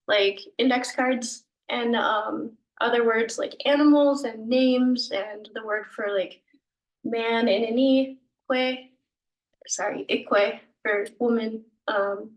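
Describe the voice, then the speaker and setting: Slow, patient woman teaching, roomy distant sound. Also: fairly high pitch, fairly even intonation. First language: English. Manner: slow, patient explaining with frequent ums and self-corrections. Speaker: language teacher. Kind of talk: informal recorded language lesson.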